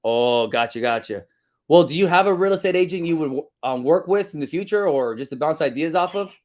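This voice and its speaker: Man, fairly high voice, energetic, casual, sales coach, live-stream talk. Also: a little fast. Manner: energetic, casual, keeps addressing viewers as guys. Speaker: real estate sales coach.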